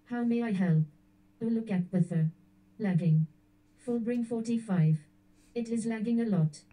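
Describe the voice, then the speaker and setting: Distant synthetic woman's voice reading chat. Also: a little high. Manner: flat machine reading of names and comments. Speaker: text-to-speech voice reading chat comments.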